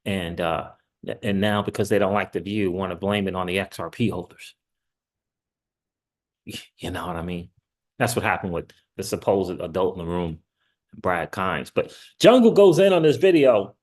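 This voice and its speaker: Male channel host, casual and rambling, animated with frequent laughs and sudden excited rises in pitch. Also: moderate pace, pauses often. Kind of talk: casual livestream commentary.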